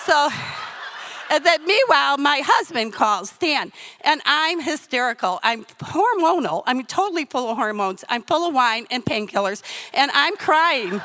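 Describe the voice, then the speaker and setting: High-voiced, chatty comic woman storyteller. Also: lively intonation, moderate pace, pushed and bright. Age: middle-aged. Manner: chatty, comic, self-deprecating. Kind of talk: live personal storytelling.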